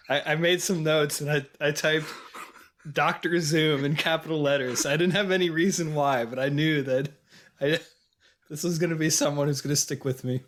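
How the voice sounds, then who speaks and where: A man's voice: fairly high pitch, fairly even intonation, normal speed, a bit bright. A man hosting a casual film podcast, giving wry, questioning commentary. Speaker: podcast host.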